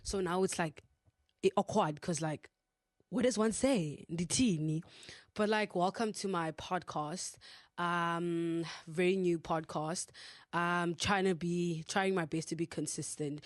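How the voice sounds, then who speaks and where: A woman's voice: fairly low pitch, measured pace, no echo, studio quality. A young woman from South Africa with a South African accent, out of breath, chatting casually as a podcast host and rambling with lots of fillers. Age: young adult. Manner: chatty, rambling, with many fillers and self-corrections. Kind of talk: casual storytime chat.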